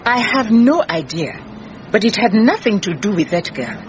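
An actress playing a gentle but firm female detective in a radio drama, speaking patiently. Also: medium pitch, sing-song, moderate pace, muffled recording, a little hiss or hum, close to an everyday voice. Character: calm, persistent female private detective.

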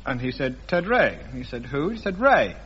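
A man's voice: medium pitch, sing-song, normal speed. A man on a radio comedy panel, improvising a silly story with playful giggles. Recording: dull, very noisy old radio recording.

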